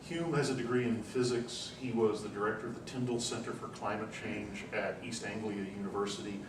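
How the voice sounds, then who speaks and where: A man giving a university class lecture, telling anecdotes in an animated, chatty way with frequent "you know"s. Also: on the low side, fairly quick. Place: lecture room. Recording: roomy classroom, distant mic, faint hum.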